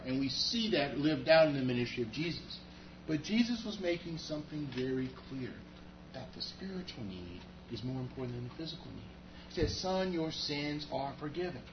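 A man's voice: on the high side, a little hiss or hum. A man preaching a sermon as pastor, talking conversationally and speaking to the congregation with rhetorical asides. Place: church sanctuary. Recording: echoey, muffled church hall audio.

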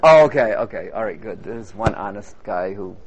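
Lively, animated male preacher. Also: fairly low pitch, moderate pace. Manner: lively, chatty preaching with audience banter and quips. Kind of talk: sermon.

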